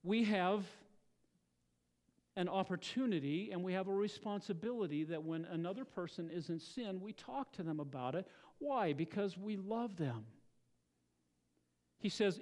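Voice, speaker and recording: High-voiced earnest male preacher. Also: animated, moderate pace, darkish tone. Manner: earnest, rhetorical questions to the congregation. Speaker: pastor. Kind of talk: sermon. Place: church.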